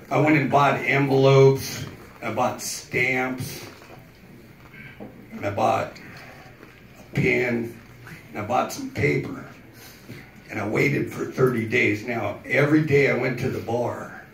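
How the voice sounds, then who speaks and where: A man in his fifties doing a stand-up comedy set in a club, telling stories slowly and deadpan with plenty of swearing, rising to shouted punchlines. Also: medium pitch, slight background noise. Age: 50s. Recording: roomy club sound from a distance. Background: audience laughter.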